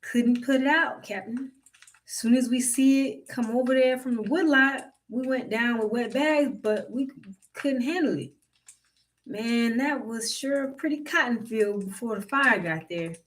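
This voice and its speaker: A narrator voicing a sly, calm old male farmhand who delivers bad news in a drawling, sheepish way, speaking slowly. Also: medium pitch, far from the mic, voice pushed up, lightly acted. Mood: deadpan.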